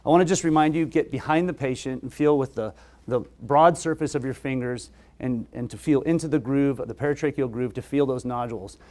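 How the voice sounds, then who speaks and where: Man giving a relaxed medical lecture. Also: mid-range voice, brisk. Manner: relaxed, conversational, hesitant with fillers. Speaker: surgeon.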